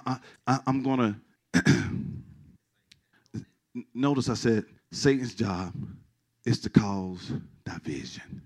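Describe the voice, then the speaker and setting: A middle-aged man preaching a sermon as pastor, animated and emphatic, restarting and repeating words and joking with his congregation. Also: mid-range voice.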